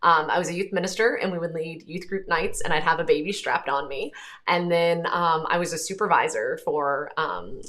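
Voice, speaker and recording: An Irish woman in her thirties hosts a casual livestream, reading comments aloud and answering them. Her voice sits fairly low, and she talks in an earnest, conversational way, pausing often to gather her thoughts. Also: fairly bright tone. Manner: earnest, conversational, frequent pauses. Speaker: host.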